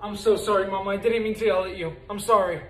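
A man's voice: sits high, fairly even intonation, fast talker, echoey room, distant mic, very noisy. A young man performing comedy skits as a son, apologetic and whiny. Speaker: comedy creator. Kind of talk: comedy skit acting.

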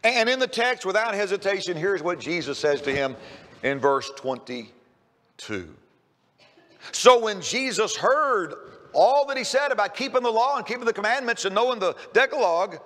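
High, bright-voiced man preaching in a hall. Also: big pitch swings, normal speed. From Kentucky. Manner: repeats words when starting sentences, emphatic. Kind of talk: sermon. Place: church sanctuary.

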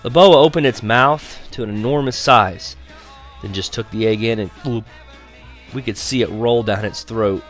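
A man's voice: mid-range voice, moderate pace, a bit bright, faint music behind. A man narrating a children's novel in a wry, chuckling storytelling manner. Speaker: audiobook narrator. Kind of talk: scripted narration.

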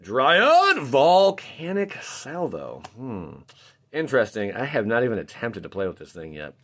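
A man hosting his channel, chatting casually while opening card packs, rambling and jokey with sudden excited outbursts. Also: mid-range voice, a little slow.

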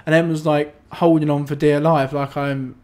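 A man, co-hosting a podcast and telling animated stories in casual chat. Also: on the high side, normal speed. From England. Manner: chatty storyteller, animated, restarts often. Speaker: podcast co-host.

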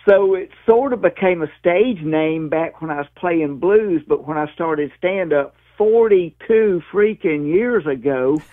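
Brief: folksy Southern comic in his 60s, slightly high voice, tinny phone line. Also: a little slow, hardly any pauses. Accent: Southern US (Mississippi). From Mississippi, USA. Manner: lively storyteller, calls the host "man" and "dude". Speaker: stand-up comedian guest. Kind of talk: interview over the phone.

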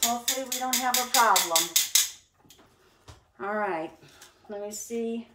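A woman's voice: on the high side, unhurried, distant mic, loud music behind the voice. A woman hosting a casual cooking livestream from her home kitchen, chatting straight to her viewers as she cooks. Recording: noisy home recording with clicks.

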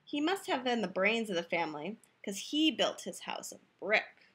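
A woman's voice: medium pitch, big pitch swings, normal speed, fairly bright tone, slightly rough. A woman playfully reading a picture book aloud, telling the story in first person as the wolf, in a youth room.

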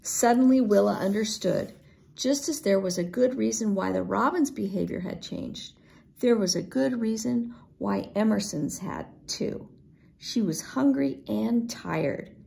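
A woman reading a children's storybook aloud in a gentle way, often dropping into a whisper. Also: mid-range voice, unhurried, creaky, a little hiss or hum. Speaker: storybook reader.

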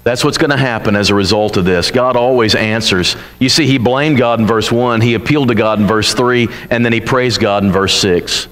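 A man's voice: mid-range voice, fairly bright tone, long reverb tail. A man preaching a sermon in an earnest, conversational way, voicing bold complaints to God as he reads the psalms.

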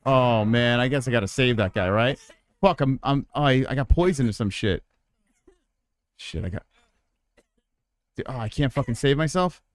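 Excitable swearing man streaming a game. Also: mid-range voice, moderate pace, pauses often. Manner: excitable, swears often, yelps and laughs at the game. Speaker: livestreaming gamer. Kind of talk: live game commentary.

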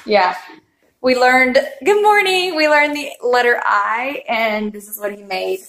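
A woman's voice: on the high side, measured pace, a bit bright. A young woman, a mother, chatting casually to the camera in a family vlog, laughing often and cooing at her kids.

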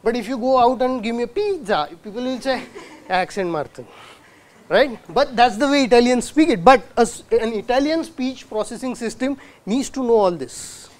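A man lectures in a hall. He keeps asking the audience questions he then answers himself. He sounds out words slowly to demonstrate them. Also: very high voice. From India. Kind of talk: university lecture.

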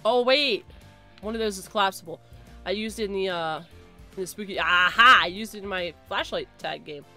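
A woman's voice: mid-range voice, a little fast, bright, forceful tone, soft background music. A woman streaming a game live, chattering and reacting, often repeating phrases in a rush and shrieking when things go wrong. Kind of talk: live gameplay commentary.

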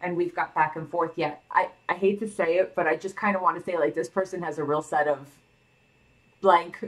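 A woman's voice: lowish voice, brisk, recorded from a distance, poor audio. A woman giving a casual tarot reading to her viewers, chatty and sassy, full of "like" and "you know". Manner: sassy, chatty, heavy on fillers. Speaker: tarot reader.

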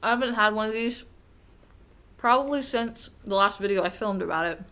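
An American woman vlogging at home, chatting casually while unboxing and taste-testing treats, with gushing, excitable exclamations. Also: medium pitch, moderate pace, clear, resonant tone. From United States.

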